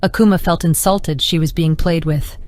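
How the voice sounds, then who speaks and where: A woman narrates an audiobook in a measured, even reading. Her voice is low and smooth, recorded dry and close with no room sound. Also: dry recording.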